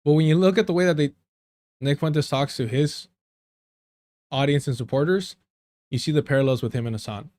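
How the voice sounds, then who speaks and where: A man's voice: fairly high pitch, brisk, long pauses, darkish tone. A man doing casual live-stream commentary over clips, rambling and swearing, with many fillers.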